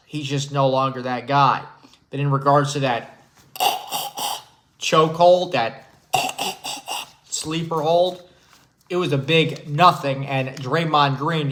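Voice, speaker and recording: Man putting on an older brash sports pundit, slow sighing drawl, bright tense tone, contrarian. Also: fairly high pitch, low-quality recording. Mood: scornful. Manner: slow, drawn-out delivery with heavy sighs and dramatic pauses. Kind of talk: comedic impression.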